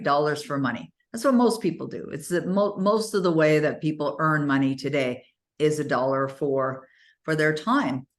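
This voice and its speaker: A woman with a low-pitched voice tells stories in a casual, chatty way. She acts out the dialogue with sudden leaps in pitch. She is an author coach from Canada, hosting the talk. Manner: animated, acts out dialogue with big pitch jumps.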